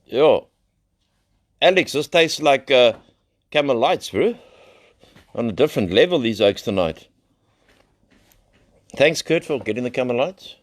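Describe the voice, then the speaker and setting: A man's voice: medium pitch, lively intonation, a little slow, long pauses. A middle-aged South African man, founder of a recovery center, sharing his story in a loose, rambling way, blunt and full of slang and swearing. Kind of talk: live recovery share, casual storytelling.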